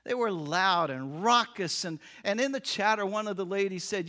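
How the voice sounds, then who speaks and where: A man preaching, telling a story with lively acted-out voices. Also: high-pitched, normal speed, few pauses. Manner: animated, acts out voices in the story. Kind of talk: sermon storytelling.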